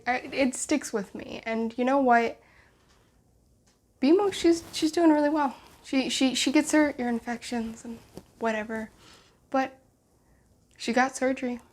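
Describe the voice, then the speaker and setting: A woman's voice: on the high side, fairly even intonation, unhurried. A young woman vlogger telling a personal story in a casual, emotional, rambling way, full of restarts and acted-out dialogue.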